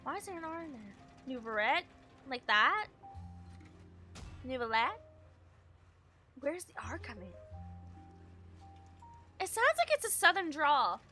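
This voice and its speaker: A woman's voice: high-pitched, very animated, slow, pauses often, sharp tone, faint music behind. A woman streaming a game, reading its text aloud and adding chatty, musing asides in casual commentary.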